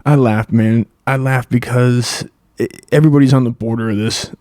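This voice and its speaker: A man's voice: medium pitch, steady tone, moderate pace, warm tone, no echo, studio quality. A man hosting a comedy show, riffing crudely in a rambling profane monologue. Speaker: comedy podcast host.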